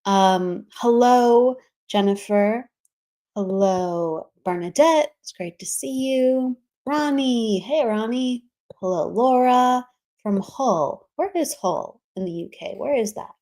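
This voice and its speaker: A woman's voice: fairly high pitch, slow. Chatty woman hosting a livestream. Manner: chatty, warm greetings by name, laughs often. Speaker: livestream host. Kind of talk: casual livestream chat, greeting viewers. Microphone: streaming setup, remote.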